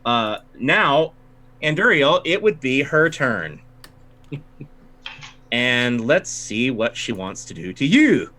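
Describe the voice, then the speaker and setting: A man running a tabletop game as game master, narrating the action and slipping into quick voices for the crowd. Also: medium pitch. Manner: animated, acts out crowd voices. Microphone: home mic on a livestream.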